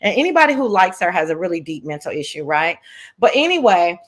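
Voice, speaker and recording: A woman's voice: fairly low pitch, quick pace. A woman hosting a casual livestream chat, brash and profane, telling stories with lots of energy. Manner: brash, profane, animated storytelling. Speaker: livestream host.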